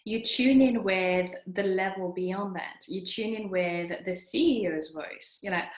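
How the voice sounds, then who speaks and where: A woman's voice: mid-range voice, measured pace, few pauses. A woman giving an earnest motivational self-help talk, repeating lines for emphasis. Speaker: motivational speaker. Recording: echoey room.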